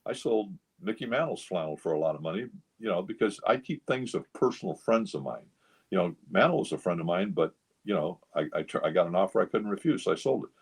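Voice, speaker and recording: Deep husky older man rambling. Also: expressive, quick pace. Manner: rambling storyteller, many fillers. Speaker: guest, memorabilia collector. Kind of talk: casual radio chat.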